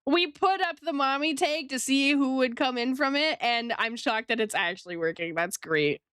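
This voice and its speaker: A woman's voice: high voice, moderate pace, a bit bright, clean tone, no room sound, clean studio sound. A woman streamer chatting casually with her chat while she draws, playful and teasing, laughing often.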